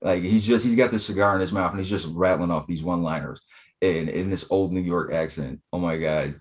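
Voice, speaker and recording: A man's voice: sits low, a little fast. A man co-hosting a casual podcast, recapping old TV in a laid-back way, with many fillers. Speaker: podcast co-host. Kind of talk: casual chat.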